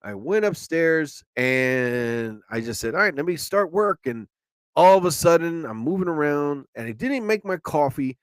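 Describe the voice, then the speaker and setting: A man's voice: on the high side, unhurried, clear, resonant tone, no echo. A man hosting a live show, rambling through everyday stories and acting out the quotes. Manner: animated storyteller, acts out quotes. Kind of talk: rambling solo chat.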